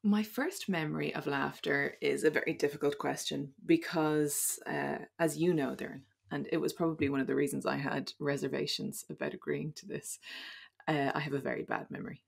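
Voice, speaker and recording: A woman's voice: deep voice, brisk, vocal fry, slightly rough. An Irish woman in her thirties, a podcast guest telling childhood stories in casual chat, rambling and laughing often.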